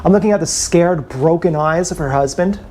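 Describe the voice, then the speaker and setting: Filmed on an action camera during a live stream, a male vlogger rants with bitterness and contempt, frequently repeating himself. His voice leans high with a darkish tone at normal speed, and there's a slight hiss or hum.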